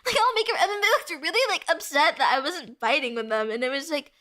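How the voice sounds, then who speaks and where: A young woman with a high, sparkling voice chats casually on stream, answering her viewers. She talks in a breezy, giggly way, with "like" in nearly every phrase. Her tone is crisp and bright. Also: lively intonation, quick pace. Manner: chatty and giggly, peppers speech with "like". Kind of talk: casual chat reading viewer comments.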